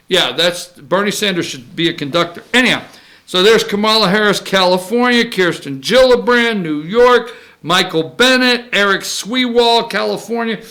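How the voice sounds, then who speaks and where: A man's voice: sits high, animated, moderate pace, bright, forceful tone. A man hosting a political talk show, joking and sarcastic as he rambles through the news. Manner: joking, sarcastic, rambling, jumps between mock impressions. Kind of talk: casual opinion commentary.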